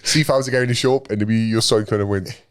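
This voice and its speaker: A man's voice: on the low side, fairly even intonation, rapid-fire. A Scottish man co-hosting a podcast, chatting casually with dry, teasing banter. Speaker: podcast co-host. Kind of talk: casual chat.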